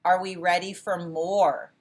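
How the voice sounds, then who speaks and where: In an interactive class lecture, a college philosophy instructor speaks in a lowish voice with a level tone and a measured pace. She encourages and frequently praises her students, often breaking off to restart her sentences.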